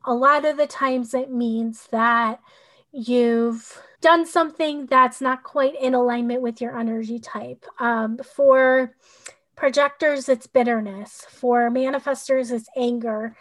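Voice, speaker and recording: A woman's voice: a little high, fairly even intonation, slow pace, a bit bright. A woman who works as a human design coach, talking casually in a podcast conversation. Her speech is rambling and full of "like" and "you know", with an occasional sarcastic aside.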